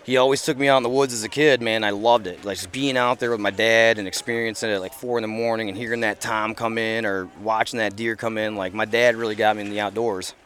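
A man's voice: lowish voice, steady tone, fast talker, few pauses, a bit bright. A middle-aged man chatting as a podcast guest outdoors, talking earnestly with plenty of fillers and restarts. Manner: earnest, rambling, many fillers. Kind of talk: casual interview chat. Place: outdoors at an event.

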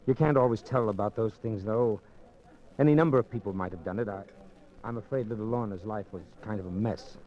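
A man's voice: fairly low pitch, fairly quick, close to an everyday voice. A man playing a wealthy, courteous man under suspicion in 1940s radio acting, easygoing with hesitant restarts. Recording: dull lo-fi old radio recording, faint music.

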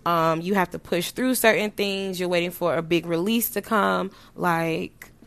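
A woman's voice: fairly low pitch, a little slow, gravelly, clear, resonant tone. Blunt, playful woman vlogger. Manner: frank, blunt and playful, slangy with profanity; animated, sudden jumps in loudness. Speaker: vlogger giving sex advice. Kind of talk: casual chat to camera.

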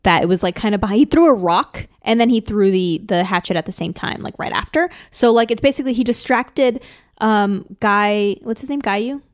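A woman's voice: medium pitch, brisk. A woman co-hosting a casual chat about an anime episode, emotional and laughing, swearing freely.

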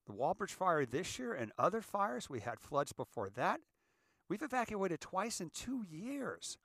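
A man's voice: a little high, fairly bright tone, dry recording, studio quality. A middle-aged man from California talking in a casual, rambling monologue, acting out little scenes as he goes. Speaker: host.

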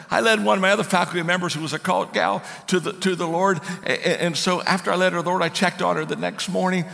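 Preaching in a hall with long reverb, this middle-aged speaker and coaching business owner tells lively stories, often restarting and repeating words. He speaks high and quick with vocal fry, rarely pausing.

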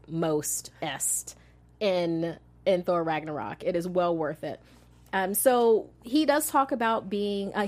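A woman's voice: lowish voice, darkish tone. A woman hosting a casual movie news chat, bubbly and giggly as she talks. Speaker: host.

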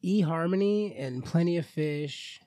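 Man in his 30s, teasing co-host: slightly high, close dry sound. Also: measured pace, dark tone, no room sound. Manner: teasing, laughs often. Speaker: podcast co-host. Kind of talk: casual podcast banter.

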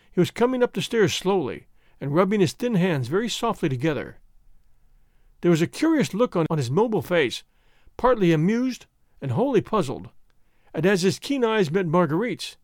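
A male narrator reading a classic novel in a high, very lively voice. His storytelling is expressive and steady. The sound is close and dry, with no room around it. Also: dry recording.

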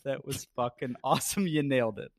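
A man's voice: medium pitch, fairly quick, no room sound. Guy cohosting a podcast, mid voice, stumbly and crude, super dry mic. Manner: hesitant restarts, crude teasing. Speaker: podcast co-host. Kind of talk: casual podcast banter.

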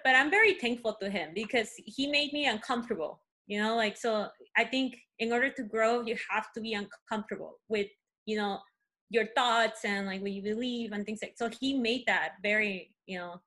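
A woman's voice: medium pitch, sharp tone. A woman from Peru whose first language is Spanish, telling stories as a guest in a casual conversation, full of "you know, like" fillers.

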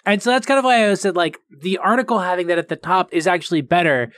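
A man chatting casually on a film podcast, his voice sitting a little high. He rambles in an animated way, leaning on "like" and breaking into quick laughs. The sound is close and dry, with no room around it. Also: no room sound. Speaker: podcast co-host reviewing films. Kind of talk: casual chat. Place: at home.

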